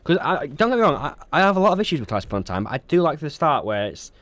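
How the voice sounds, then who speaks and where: A man's voice: fairly high pitch, sing-song, racing, fairly bright tone, no room sound. A young man co-hosting a podcast in casual chat, rambling with frequent ums and restarts. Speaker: podcast co-host.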